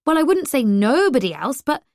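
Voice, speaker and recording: Teasing sharp-tongued young woman, as a narrator puts her on. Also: sits high, no room sound, clean studio sound, pitched above the performer's own voice. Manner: teasing, deadpan, quick comebacks. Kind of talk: audiobook character voice.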